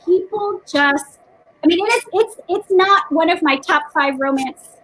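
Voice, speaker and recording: A woman's voice: very high-pitched, unhurried, a bit bright, low-quality recording. A woman co-hosting a casual book chat over a video call, rambling with many restarts and frequent laughter. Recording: faint background noise.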